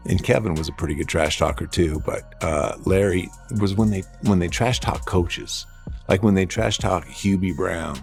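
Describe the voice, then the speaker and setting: A man with a very deep voice recounts stories in a laid-back, amused way. Faint music plays behind him. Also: moderate pace, creaky. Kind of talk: storytelling interview.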